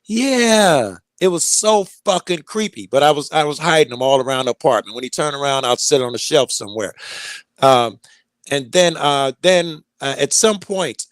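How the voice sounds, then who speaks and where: A man spins a rambling, profanity-laced story in casual conversation, stumbling through fillers and restarts. His voice sits at a middling pitch. The sound is dry and close. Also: expressive, normal speed, no echo.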